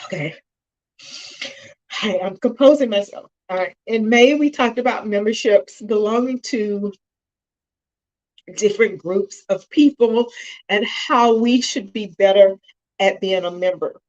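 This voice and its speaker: A woman's voice: medium pitch, measured pace, muffled recording. Emotional middle-aged woman hosting a stream. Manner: emotional, choking up and apologizing; warm, addresses viewers directly. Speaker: host of a self-help live stream. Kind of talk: heartfelt live-stream talk. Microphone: phone.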